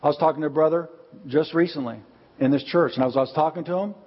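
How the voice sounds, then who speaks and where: A pastor gives an earnest sermon in a husky, slightly high voice, stretching out his words when he makes a point. The sound is muffled and lo-fi, with a long reverb tail from a large church hall. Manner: earnest, slows down to stress key points. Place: church sanctuary.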